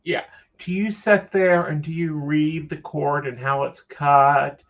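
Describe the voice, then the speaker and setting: A man's voice: on the high side, slow pace. A man hosting a casual chat, gossipy with dry, wry asides. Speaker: psychic host. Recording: dull lo-fi sound.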